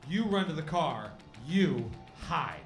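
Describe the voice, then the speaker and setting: A man running a tabletop role-playing game as game master, narrating scenes with lively delivery. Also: on the high side, slow, reverberant, over music. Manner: animated, shouting out monster attacks.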